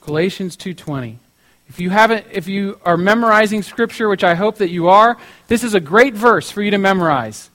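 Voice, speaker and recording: A man's voice: high voice, brisk, bright, forceful tone. A young man preaching in a casual, chatty way, telling a story with many fillers like "you know".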